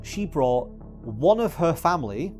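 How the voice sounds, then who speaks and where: A man's voice: a little high, big pitch swings, measured pace, a little mellow, faint music behind. Annoyed guy ranting in a video essay, swears a lot, voice jumps all over. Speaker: YouTuber.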